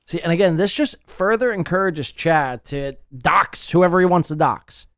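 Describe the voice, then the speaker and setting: A man hosting a casual podcast, mocking the others and ranting, with animated impressions of them. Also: a little high, moderate pace, hardly any pauses, no echo, clean studio sound. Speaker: podcast host. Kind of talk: casual commentary over a group call.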